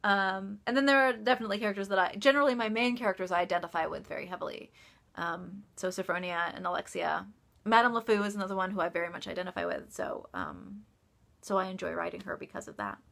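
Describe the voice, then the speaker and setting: Woman author, casual live-stream Q&A, bright tone, bubbly with lots of laughs and ums. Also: mid-range voice, lively intonation, fast talker, gravelly. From United States. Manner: chatty, laughs often, many ums and restarts. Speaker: author answering live chat questions. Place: office.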